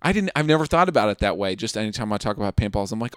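A young man co-hosting a casual podcast, telling a loose, swearing, jokey recap. His voice is smooth and clear. The close mic leaves it dry, with no room sound. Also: lowish voice, very animated, rapid-fire, no room sound. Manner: rambling, jokey, swears freely. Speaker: podcast co-host. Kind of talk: casual comedic recap chat.

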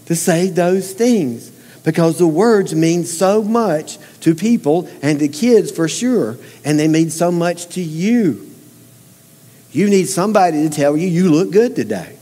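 Emphatic preacher in an echoing hall. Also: male voice, high voice, mellow. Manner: folksy, emphatic preaching with direct questions to the congregation. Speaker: pastor. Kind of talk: sermon. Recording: long hall reverb.

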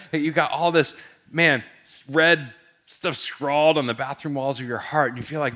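A man's voice: on the high side, fairly even intonation, normal speed, pushed and bright. A male pastor telling a story in a sermon, casual and conversational, with lots of filler words.

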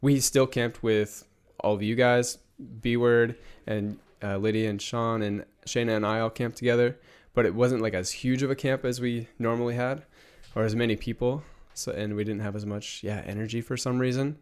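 A man's voice: medium pitch, steady tone, normal speed, clean tone. Laid-back young man chatting. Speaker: podcast co-host. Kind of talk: casual chat.

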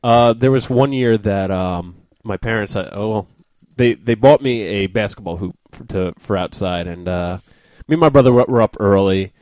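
A man's voice: on the low side, darkish tone, no echo. Laughing storyteller man, dry sound. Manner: storytelling, laughs often, halting restarts. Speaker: podcast guest. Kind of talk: casual chat.

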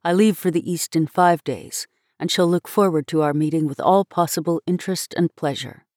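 A man's voice: on the high side, moderate pace, a little mellow, no room sound, clean studio sound, natural voice. A woman voicing a polite young man reading aloud a formal letter he has written. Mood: courteous.

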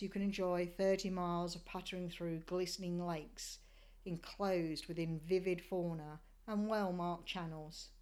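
A woman from Australia giving scripted travel narration of a sailing voyage in a measured, descriptive storytelling manner. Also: lowish voice, a little mellow.

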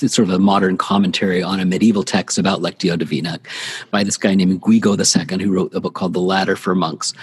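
A man's voice: lowish voice, breathy edge, big-room sound. A man, an author being interviewed on a podcast, explaining ideas thoughtfully and repeating phrases for emphasis. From United States. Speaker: author and guest. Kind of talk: podcast interview, reflective teaching.

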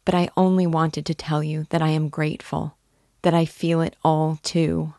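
A woman reading the lines of a timid, earnest young girl who speaks softly and hesitantly. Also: deep voice, little pitch movement, moderate pace, no echo, clean studio sound. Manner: soft, hesitant, heartfelt.

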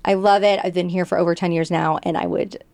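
Chatty woman with a gravelly edge. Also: on the low side, steady tone, fast, darkish tone, dry recording. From England. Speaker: guest. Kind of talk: casual chat.

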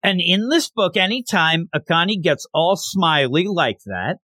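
Host, male, lively, slightly high voice, casual chat recapping a comic and acting out the lines. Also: a little slow, no echo, clean studio sound. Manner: animated, acts out characters' lines while recapping.

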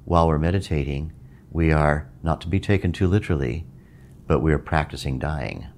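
A middle-aged man, a meditation teacher, giving a reflective spoken talk in a measured way, repeating phrases for emphasis. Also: rumbling low, a little mellow, a little hiss or hum.

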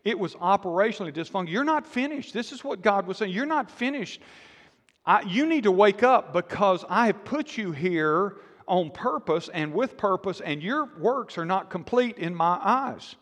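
A male pastor preaches in a church sanctuary, and his voice trails off into a long hall reverb. He sits high for a man. He tells stories with energy, slipping into acted-out voices for the quotes. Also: normal speed. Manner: animated storytelling with acted-out quotes. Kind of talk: sermon.

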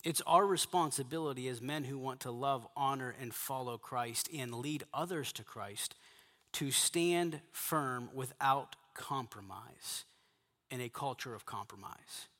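A man's voice: medium pitch, unhurried, fairly bright tone. Emphatic man preaching in a reverberant hall. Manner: emphatic preaching with repeated phrases. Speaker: pastor. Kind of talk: sermon to a men's gathering.

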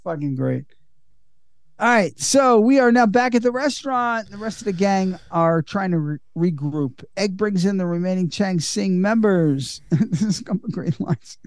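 Guy recapping a movie on a podcast, highish voice, dry close mic, swears a lot. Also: normal speed, darkish tone, dry recording. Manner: enthusiastic, profane. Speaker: podcast host.

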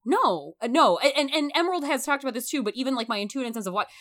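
A woman talking through a film in a casual, emphatic discussion, animated and swearing freely. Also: high voice, racing.

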